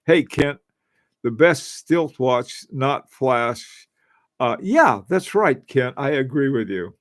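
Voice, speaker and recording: A man's voice: medium pitch, lively intonation, slow, no echo, clean studio sound. An older man, hosting a casual livestream and chatting with viewers in a rambling way, laughing often. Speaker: livestream host. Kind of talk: casual livestream chat reading viewer comments.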